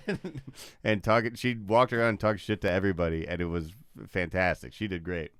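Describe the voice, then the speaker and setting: A man's voice: fairly low pitch, moderate pace, fairly bright tone, clean tone. A man, a comedian guest, telling a story casually on a podcast, swearing freely, laughing often and acting out other people's lines. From Chicago area.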